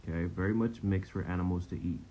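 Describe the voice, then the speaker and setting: A man's voice: sits low, fairly even intonation, fast talker, dark tone. A man teaching a casual Bible study lesson, talking conversationally and checking in with "okay?" after nearly every point. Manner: conversational, frequent "okay?" check-ins, repeats himself. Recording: dull, slightly lo-fi sound with faint noise.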